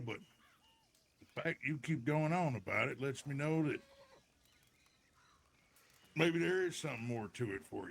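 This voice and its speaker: Calm, gravelly old ranch hand, played by a man, steady Western drawl. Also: fairly high pitch, a little hiss or hum. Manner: slow folksy drawl, steady and reasoning. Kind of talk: Western role-play.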